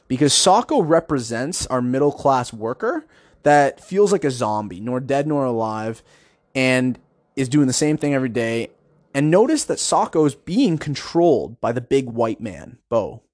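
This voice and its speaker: A man's voice: mid-range voice, darkish tone, dry recording, studio quality. Enthusiastic man rambling about a film. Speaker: video reviewer. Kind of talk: casual film commentary.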